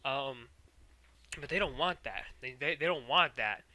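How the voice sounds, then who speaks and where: A man's voice: mid-range voice, lively intonation, a little slow, sharp tone, no echo. A man recapping cartoon episodes in a rambling, profane way, full of fillers and sound effects. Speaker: show recapper.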